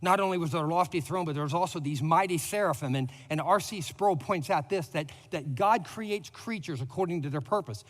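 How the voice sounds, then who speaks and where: Emphatic male pastor in a reverberant hall. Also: on the high side. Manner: emphatic preacher, voice swells on repeated words. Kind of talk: sermon. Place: church sanctuary.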